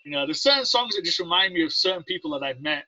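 A man's voice: high-pitched, very animated, fast, gravelly, sharp tone, no room sound, dull audio. A man with an English accent, a Navy veteran guest on a podcast, rambling through stories and acting out what people said. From England. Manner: rambling, anecdotal, acts out quotes. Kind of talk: casual storytelling.

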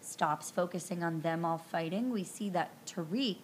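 A woman hosting a podcast, recounting a film scene by scene in a chatty, animated way, full of ums and likes. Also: fairly low pitch, moderate pace, slight background noise. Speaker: podcast host recapping a film. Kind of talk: casual recap narration.

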